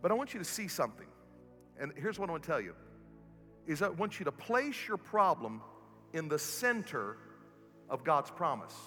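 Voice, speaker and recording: Male pastor, high bright voice, preaching in reverberant church with faint music; surges loud then drops soft. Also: big pitch swings, normal speed, pauses often. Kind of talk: sermon. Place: church sanctuary.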